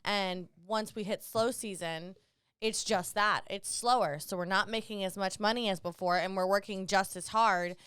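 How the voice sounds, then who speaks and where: A woman's voice: medium pitch, fairly even intonation, moderate pace, fairly bright tone, smooth, dry recording. A young woman co-hosting a podcast, rambling chattily with lots of "like" and the odd swear. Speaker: podcast co-host. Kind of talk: casual chat.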